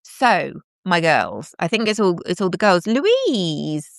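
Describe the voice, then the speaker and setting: A woman's voice: on the low side, sing-song, takes it slowly, gravelly, dry recording, studio quality. A middle-aged woman, chatting in a bubbly, self-deprecating way to commenters on her live stream. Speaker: livestream host.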